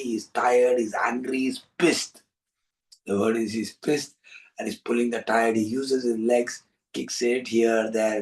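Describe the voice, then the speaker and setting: A man, hosting a storytelling session for young listeners in an animated, repetitive, coaxing way. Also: mid-range voice, far from the mic, poor audio. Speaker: storyteller and host.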